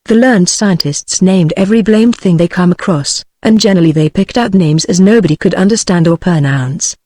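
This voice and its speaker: A woman's voice: fairly low pitch, normal speed, darkish tone, no echo, studio quality, close to an everyday voice. A British woman reading the lines of a folksy old sailor in a synthetic storybook voice. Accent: British English.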